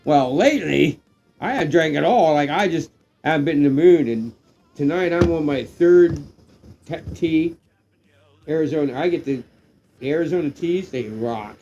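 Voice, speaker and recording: A middle-aged man who is getting drunk, chatting loosely on a livestream, rambling, swearing and breaking into excited shouts. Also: a little high, normal speed, lo-fi sound, soft background music. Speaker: live stream co-host. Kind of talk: casual livestream chat.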